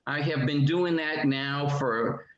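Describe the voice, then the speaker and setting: A man's voice: a little high, steady tone, takes it slowly, crowd noise. A man in his seventies calling in to a talk show, speaking earnestly and with emotion. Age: 70s. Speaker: caller. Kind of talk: casual call-in sharing. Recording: dull, roomy call audio.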